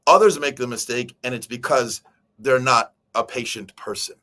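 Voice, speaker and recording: A man's voice: medium pitch, moderate pace. A man hosting a live stream, talking casually to his viewers about a book and acting out quoted speech along the way. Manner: animated, addresses viewers directly, acts out quoted speech. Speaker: show host.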